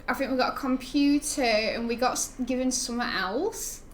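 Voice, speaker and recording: A woman's voice: high voice, normal speed, a little hiss or hum. A young woman, chatting casually and rambling while she streams a game, laughing often. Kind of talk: casual gaming stream chat.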